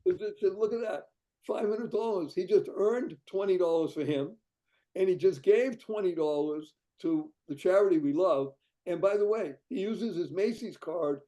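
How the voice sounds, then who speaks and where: Upbeat guy from boston selling his idea, kinda high voice, mellow and warm tone. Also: moderate pace, muffled recording. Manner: exuberant, salesy, laughs often. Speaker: guest, founder of a charity fundraising site. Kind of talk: enthusiastic interview talk.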